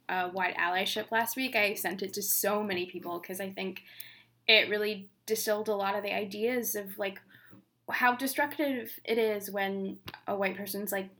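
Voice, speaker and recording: A woman's voice: mid-range voice, sharp tone, slight background noise. A young woman co-hosting a podcast, talking candidly in casual chat, swearing freely and laughing often. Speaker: podcast co-host.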